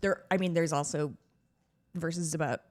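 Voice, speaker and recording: A woman co-hosting a podcast who talks in casual, quick-witted, sarcastic banter. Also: low voice, steady tone. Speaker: podcast co-host. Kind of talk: casual chat.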